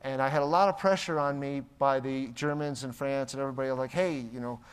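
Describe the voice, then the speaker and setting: Speaking fast in a smooth, medium-pitched voice, an American keynote speaker motivates a crowd in a large conference hall, the sound carrying a long reverb. He acts out the people in his stories as he tells them with animation.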